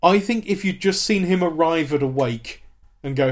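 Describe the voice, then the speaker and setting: A man in his thirties chats casually as a podcast co-host, full of enthusiasm. He leans on ums and false starts, and his voice sits a little higher than most men's. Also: moderate pace. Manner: chatty, enthusiastic, frequent ums and restarts. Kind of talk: casual chat about a TV series.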